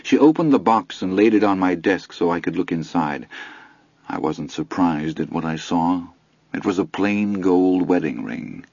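A man narrating an audiobook in a measured, formal storytelling manner. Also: low-pitched, a little mellow, dry recording, highs cut off.

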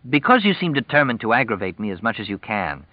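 A man's voice: medium pitch, very animated, fairly quick, no room sound, highs cut off, voice pushed up, natural voice. A man voicing a frustrated, defensive young man who pleads and snaps by turns. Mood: exasperated. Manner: pleading and exasperated.

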